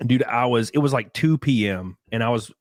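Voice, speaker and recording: A young man hosting a podcast in casual chat, animated and profane, reading viewer comments and breaking into sudden loud yelps. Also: medium pitch, normal speed, no room sound. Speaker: podcast host.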